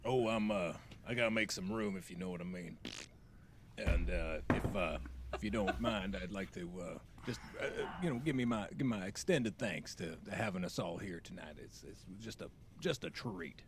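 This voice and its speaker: Man doing a low, rambling, fumbling adventurer. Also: moderate pace, background noise. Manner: rambling with many fillers.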